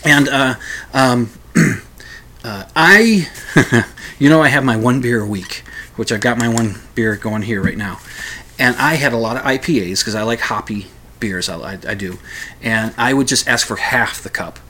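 A man from Minnesota tells a meandering story in a casual monologue. He often restarts and fills gaps with "uh" and "you know", and he pokes gentle fun at himself. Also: mid-range voice, measured pace. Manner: rambling, with frequent restarts and fillers; wry and self-deprecating.

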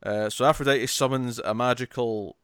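A podcast co-host on a casual comic book review show talks with enthusiasm, acting out characters' lines as he retells scenes. His medium-pitched male voice is fairly bright, clear, and resonant, with fairly even intonation and a normal speed. The studio sound is clean and has no echo.

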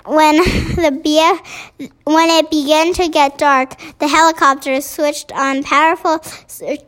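A woman with a high voice reads a children's storybook aloud at an unhurried pace. She often trips over words and goes back to fix them. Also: flat delivery, a bit bright. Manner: halting, stumbles and corrects words. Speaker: reader.

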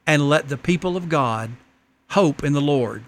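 A man's voice: a little high, animated, a little slow. A man preaching a sermon, earnestly reading a letter and a story aloud to the congregation.

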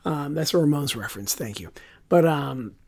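A man's voice: a little high, lively intonation, normal speed, gravelly. A man co-hosting a podcast, rambling and joking through the sign-off with lots of fillers. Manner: rambling, jokey, filler-heavy. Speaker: podcast co-host. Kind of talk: casual podcast sign-off chat.

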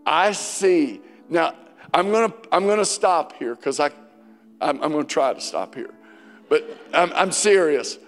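A man preaching a sermon as pastor, passionate, swinging between loud declarations and hushed quotes from scripture. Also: fairly high pitch, animated, measured pace. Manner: passionate preaching, voice rising and dropping, quoting scripture dramatically. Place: church sanctuary. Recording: church hall with long reverb and faint music.

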